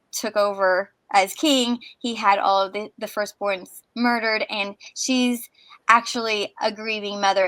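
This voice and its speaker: A woman's voice: medium pitch, a bit bright, no echo, poor audio. A woman co-hosting a podcast, explaining at length in casual conversation, with many fillers and restarts. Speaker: podcast co-host.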